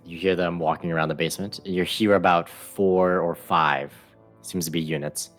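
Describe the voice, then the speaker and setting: A man's voice: low voice, steady tone, normal speed, fairly bright tone, faint music behind. A man narrating a tabletop game as game master, hesitant, with many ums and restarts.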